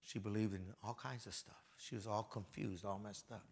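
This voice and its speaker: At a moderate pace, a pastor with a slightly low, steady voice and vocal fry gives a conversational sermon in a church hall. His quiet asides give way to loud proclamations, and he acts out the quotes he uses.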